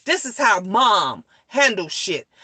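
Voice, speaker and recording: A woman in her thirties telling a family story as a profane, animated rant, repeating lines for emphasis. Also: mid-range voice, slow, husky, dry recording.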